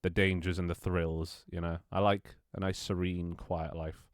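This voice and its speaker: This is a young man with a very low voice, rambling to his stream audience. He swears casually and trips over his words as he goes. The sound is dry and close. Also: level tone, moderate pace, smooth, no room sound. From London, England. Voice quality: swears casually, many restarts and laughs. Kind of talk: casual chat with stream viewers.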